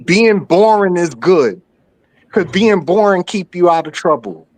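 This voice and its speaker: A man's voice: sits high, lively intonation, unhurried. A man with a New York accent, a panelist in a casual debate, explaining his view at length and asking whether you follow him. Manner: laid-back, explaining, keeps asking if you understand.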